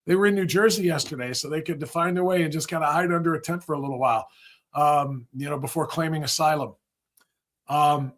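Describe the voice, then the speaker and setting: Rambling, sarcastic male talk host. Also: fairly high pitch. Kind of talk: livestream political commentary.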